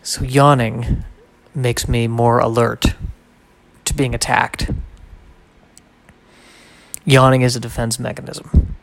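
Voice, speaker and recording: A man's voice: mid-range voice, little pitch movement, slow, vocal fry, pauses often. A man hosting a solo podcast, reading aloud and drifting into wry, rambling asides in a casual way. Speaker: podcast host.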